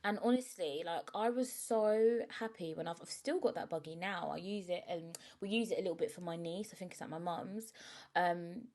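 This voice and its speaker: A woman's voice: lowish voice, normal speed, a little mellow. A young woman hosting a solo podcast, talking frankly and chattily, and emotional today. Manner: frank and chatty, often asks "do you know what I mean". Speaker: podcast host. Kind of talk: candid solo podcast monologue.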